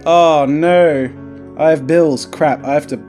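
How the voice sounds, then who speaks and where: A young Australian man streaming a let's play, excitable and joking, with loud outbursts. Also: fairly high pitch, takes it slowly, faint music behind. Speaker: streamer and artist.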